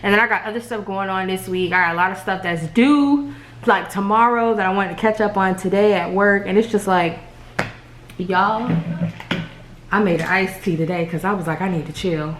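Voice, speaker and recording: A young woman tells viewers a story in a rambling, excitable voice. She keeps calling them "y'all" and talks in quick bursts, like she is chatting with a friend. Her pitch sits in an ordinary middle range. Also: slight background noise. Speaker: family vlogger. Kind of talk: animated storytelling to camera.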